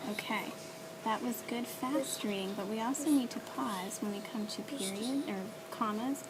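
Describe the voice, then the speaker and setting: A woman teaching children to read aloud, speaking clearly and patiently and giving encouraging feedback. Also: on the high side, moderate pace, very noisy. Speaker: reading teacher. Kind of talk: instructional coaching and voice-over.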